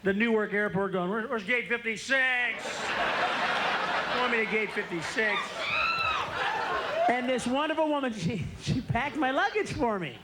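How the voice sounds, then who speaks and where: A man's voice: very high voice, animated, normal speed. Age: adult. Sex: man. Style: stand-up comedy with screaming outbursts. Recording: noisy live club. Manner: loud, with sudden screaming outbursts.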